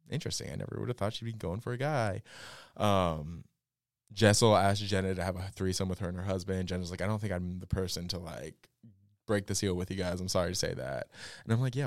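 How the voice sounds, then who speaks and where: A man's voice: low-pitched, clear, resonant tone, no echo, studio quality. A man hosting a podcast, giving a casual, chatty recap of a reality show episode with sarcastic asides and lots of fillers. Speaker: podcast host.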